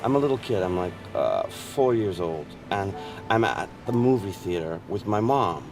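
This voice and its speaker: A man performing a dramatic film monologue as a weary, wistful gay storyteller, swinging from fervent outbursts to hushed confessions. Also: low-pitched, expressive, moderate pace, music in the background.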